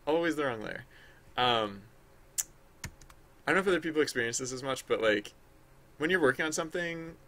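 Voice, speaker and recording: A man's voice: mid-range voice, bright, forceful tone. A man live-streaming while drawing, chatting casually in a rambling, self-mocking way with many fillers and frequent laughs. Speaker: live-streaming digital artist.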